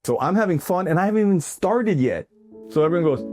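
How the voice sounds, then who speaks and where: A middle-aged man hosting his own art video, giving an animated, jokey motivational monologue that keeps rising into loud bursts. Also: high voice, fast talker. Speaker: artist and video host. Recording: music bed under the voice.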